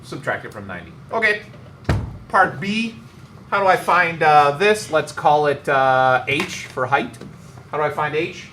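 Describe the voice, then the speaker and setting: A man's voice: fairly high pitch, big pitch swings, a little slow, sharp tone. A man teaching a math class, joking and teasing his students as he works through problems. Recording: echoey classroom, some noise.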